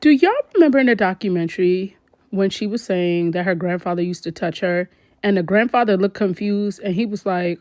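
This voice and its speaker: A woman vlogger gives casual commentary straight to her viewers. She sounds animated and exclaims often, with a mid-pitched voice. The recording is dry and close, with no room sound. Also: fairly quick, dry recording.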